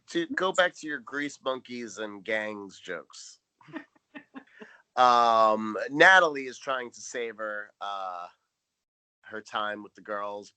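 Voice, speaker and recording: A man co-hosting a casual podcast, recapping episodes with wry, deadpan humor. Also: medium pitch, smooth, no echo. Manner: dry, wry storytelling, deadpan jokes. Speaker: podcast co-host.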